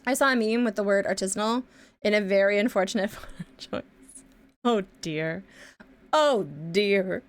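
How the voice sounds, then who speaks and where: A young woman streaming her pixel art, chatting in a rambly way, swearing casually and humming to herself as she draws. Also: mid-range voice. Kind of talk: casual chat while drawing pixel art.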